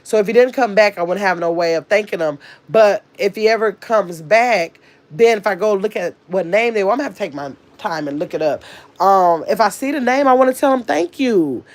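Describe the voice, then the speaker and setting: A woman's voice: medium pitch, animated, fairly quick. A woman with a nasal voice, chatting to her livestream audience in a rambling, casual way. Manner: rambling, chatty storytelling with restarts. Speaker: live streamer.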